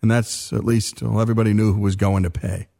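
A man hosting a radio program, narrating a scripted biography segment in a measured, explanatory way. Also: lowish voice, little pitch movement, vocal fry, dark tone. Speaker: radio host.

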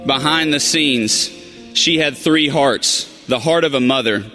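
A man gives a memorial speech at a slow, deliberate pace, pausing between phrases. His voice is bright and forceful. It rings out with the long reverb of a large arena, and faint music sits underneath. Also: mid-range voice. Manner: slow, deliberate delivery with pauses. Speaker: eulogy speaker.

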